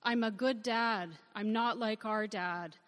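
A woman voicing a drunk man who talks too loud, loose and slurred, nearly shouting. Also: medium pitch, slow pace, big-room sound. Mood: drunk pleading.

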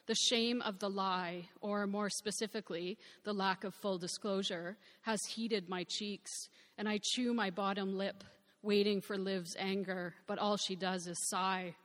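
A woman's voice: medium pitch, steady tone, normal speed, fairly bright tone. Woman narrating an audiobook with reverb. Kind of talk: first-person audiobook narration.

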